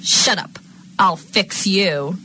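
A woman voicing a cruel woman who has bewitched a girl, delivering lines slowly and menacingly for an amateur audio drama. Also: lowish voice, sing-song, noisy background. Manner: slow, menacing line delivery.

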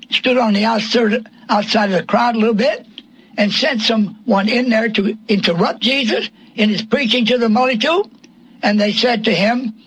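A man's voice: high-pitched, a bit bright, breathy edge, poor audio. A man preaching a sermon, asking rhetorical questions and quoting scripture in old King James wording.

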